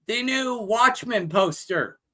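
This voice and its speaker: A male host delivers a profane, loud rant that turns into a blunt sales pitch. He talks slowly and leans on each point, and his voice is bright and forceful. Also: animated. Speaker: show host.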